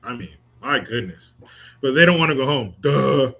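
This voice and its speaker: Brief: male commentary host, profane and sarcastic, bright, forceful voice. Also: medium pitch, animated, normal speed, vocal fry, muffled recording. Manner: crude, sarcastic, mocking, profane. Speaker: host reading live chat. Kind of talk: political commentary livestream.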